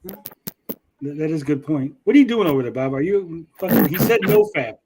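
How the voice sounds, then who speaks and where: A man's voice: on the high side, animated, a little fast, background noise. A man hosting a casual panel chat about games, rambling with lots of fillers and the odd swear. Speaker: podcast host.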